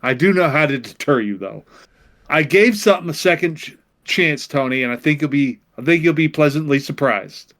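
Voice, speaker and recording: A man's voice: on the high side, lively intonation, normal speed, fairly bright tone. A man co-hosting a crude comedy podcast, playing the exasperated straight man who swears and pushes his partner to get on with it. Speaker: podcast co-host.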